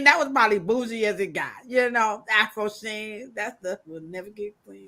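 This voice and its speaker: Podcast hostess, bright clear voice, animated and emphatic, riffs and jokes with the chat. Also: female voice, medium pitch, moderate pace. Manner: animated, emphatic, joking rants. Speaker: podcast host. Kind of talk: casual chat.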